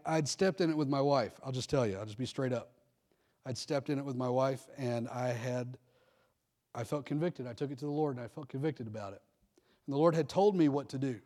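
A middle-aged male pastor with a mid-range, slightly mellow voice preaches a sermon. He tells candid personal stories and calls out for amens in call-and-response fashion.

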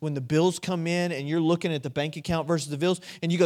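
A male preacher delivering a sermon, asking his listeners direct questions and swinging between hushed and loud, emphatic delivery. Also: on the high side, fast. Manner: asks the audience direct questions.

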